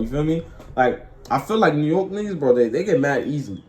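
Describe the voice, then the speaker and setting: Slangy young streamer with a dark, mellow voice. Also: male voice, medium pitch, expressive, a little fast, reverberant, slight background noise, poor audio. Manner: slangy, rambling, repeats "you feel me". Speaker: streamer reacting to a clip. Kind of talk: casual reaction commentary.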